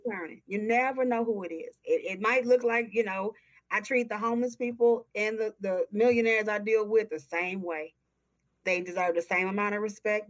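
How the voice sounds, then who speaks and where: Southern woman in her forties, interview guest, heartfelt and emphatic, dull lo-fi sound. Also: mid-range voice. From Texas. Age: early 40s. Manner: earnest, heartfelt, slow and emphatic. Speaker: guest, nonprofit founder. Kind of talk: interview conversation. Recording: dull lo-fi audio.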